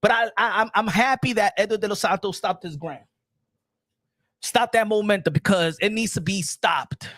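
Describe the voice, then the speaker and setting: A man hosting a boxing livestream, excitable and repetitive, dropping in Spanish phrases. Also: sits high, moderate pace, dry recording, studio quality. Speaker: boxing show host.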